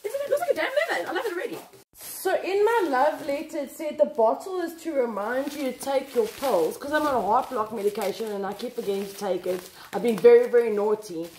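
A woman chats to camera as she opens gifts, her voice high and bouncing up and down. She is effusive and emotional, exclaiming often. The room sounds echoey, with a faint hiss behind her. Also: a little fast. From South Africa. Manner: excitable, emotional, exclaiming and laughing. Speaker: vlogger unboxing gifts. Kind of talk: casual chat to camera.

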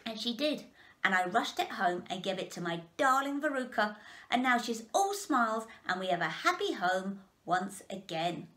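A woman's voice: mid-range voice, moderate pace. Boastful wealthy father, read by a woman for a storybook. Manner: bragging, lively storytelling. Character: boastful rich father, peanut factory owner.

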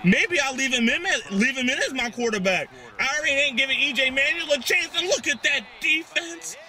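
An excitable young man calls his own video game matches in a very high, bouncy voice. He trash-talks and slips into a sing-song cadence, while game music plays clearly behind him. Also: a little fast. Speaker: gaming YouTuber. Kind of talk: hyped game commentary.

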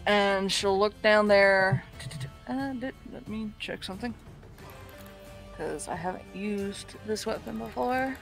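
A woman chatting through her turn in a tabletop game and checking the rules as she goes. Her voice sits at a middle pitch, with faint music playing behind. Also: slow pace, gravelly. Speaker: player. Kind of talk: casual tabletop play.

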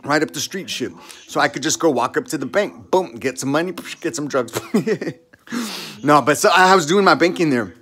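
A man's voice: fairly high pitch, animated, normal speed, a bit bright. A man ranting in a casual monologue, profane and heated, rambling and tacking "dude" onto his sentences. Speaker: podcast talker.

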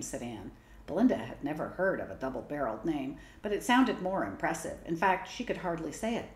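A woman reading a children's story aloud as storyteller, expressive and varied. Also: very deep voice, brisk. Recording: roomy echo.

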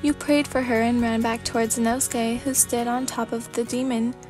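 A woman narrating a fanfic as a sleepy ASMR reading, in a calm, steady storybook manner. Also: fairly high pitch, moderate pace, faint music behind.

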